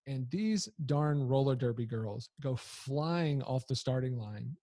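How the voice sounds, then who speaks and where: A man's voice: medium pitch, moderate pace, few pauses, mellow, no room sound. A man in his thirties telling a humorous personal story about his family in a casual, conversational way. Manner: conversational, frequent fillers and restarts, humorous. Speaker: storyteller, father.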